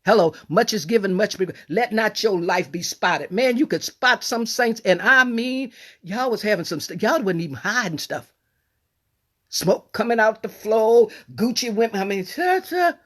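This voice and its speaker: A woman's voice: medium pitch, animated, normal speed. Emphatic folksy woman preacher. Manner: folksy and emphatic, swinging from soft asides to raised cries. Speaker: pastor. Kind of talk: sermon.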